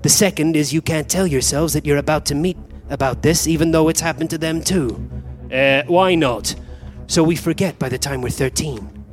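A squabbling male time traveler arguing with his own other selves, as a man acts him out on a live theatre stage. He trades quick comic banter and yelps through scuffles in a fairly high voice. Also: faint music behind, close to an everyday voice. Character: bickering versions of one male time traveler. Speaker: actor in a live comedy audio play. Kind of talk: stage comedy acting.

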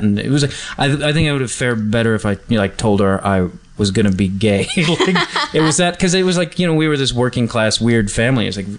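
A man's voice: mid-range voice, quick pace. A man hosting a casual interview podcast, asking curious questions and rambling between them. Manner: curious, rambling, laughs easily. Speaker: podcast host.

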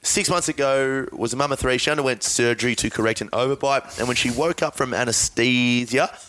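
A man's voice: mid-range voice, fairly quick, fairly bright tone, a little hiss or hum. A man hosting a podcast, reading out odd news stories and joking with his guests. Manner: joking, laughs often. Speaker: podcast host. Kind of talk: casual chat, reading out news items.

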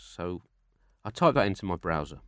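A man's voice: deep voice, very animated, moderate pace, fairly bright tone, dry recording, clean studio sound. A man co-hosting a satirical comedy chat, with a mock-pompous, newsreader-style delivery. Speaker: comedy podcast co-host.

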